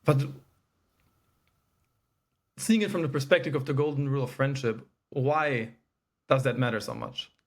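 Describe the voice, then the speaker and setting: A man's voice: medium pitch, normal speed, long pauses. A man hosting an interview, asking reflective questions and thinking aloud as he goes. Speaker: interviewer, channel host.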